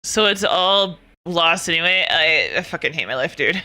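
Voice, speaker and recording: A young woman streamer in casual chat, ranting in an animated, exasperated way with plenty of swearing. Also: fairly low pitch, moderate pace.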